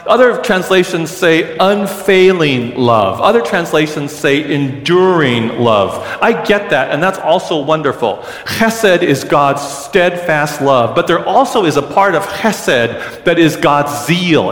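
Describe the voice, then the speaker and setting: A man's voice: a little high, animated, unhurried, hardly any pauses, fairly bright tone. A middle-aged male pastor preaching a sermon to his congregation, earnest and teaching, leading them to repeat a word. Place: large church sanctuary. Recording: roomy church with long reverb.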